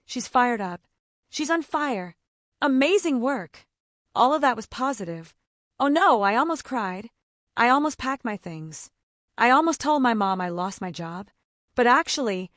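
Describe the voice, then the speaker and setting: Woman narrator for a graded reader: higher voice, lively pitch, simple clear sentences, dry booth sound. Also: no echo. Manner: simple short sentences, slow clear delivery. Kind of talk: scripted first-person story narration for English learners.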